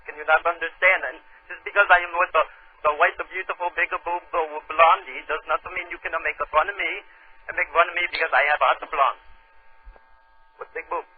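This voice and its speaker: A man's voice: a little high, fairly even intonation, a little fast, a little hiss or hum, close to an everyday voice. A man voicing a pleading young Pakistani immigrant in a fake South Asian accent, with broken English, over a tinny phone line. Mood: indignant.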